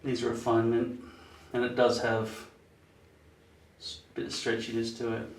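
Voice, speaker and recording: A middle-pitched man in his fifties chats to camera in a loose, wandering way, cursing casually as he thinks aloud. The room around him is echoey. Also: monotone, unhurried. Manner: rambling, swears casually, muses aloud. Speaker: vlogger. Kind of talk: casual rambling chat to camera.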